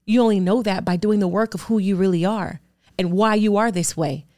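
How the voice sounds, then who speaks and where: A woman in her thirties talks candidly as a guest on a podcast, her voice sitting at an ordinary middle pitch. She speaks earnestly and with emphasis. She often stacks one rhetorical question on another. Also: fairly even intonation, a little fast, mellow. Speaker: podcast guest, actor and producer. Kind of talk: candid interview talk.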